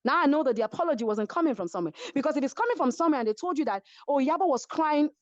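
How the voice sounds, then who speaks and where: Una donna con accento nigeriano racconta in un'intervista, e lo fa con molta teatralità, imitando le voci degli altri. La sua voce è alta e molto espressiva. L'audio di una videochiamata è spento, lo-fi e asciutto, senza eco. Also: female voice, high voice, expressive, very fast, no echo. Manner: acts out other people's voices while retelling. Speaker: reality show cast member, guest. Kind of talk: animated storytelling interview. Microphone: video call.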